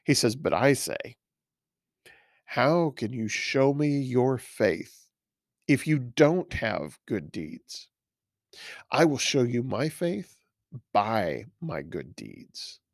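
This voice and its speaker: Plain-spoken pastor teaching verse by verse. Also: male voice, medium pitch, very animated, dry recording, clean studio sound. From Texas. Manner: conversational, reads scripture aloud and pauses to comment.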